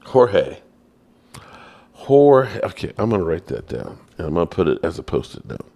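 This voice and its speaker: A low, gravelly man hosts a casual live-stream sports show at an unhurried pace. He is playful and self-mocking as he answers the chat. His voice swings widely and jumps high when he is exasperated. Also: big pitch swings, dark tone. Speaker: sports podcast host reading live chat.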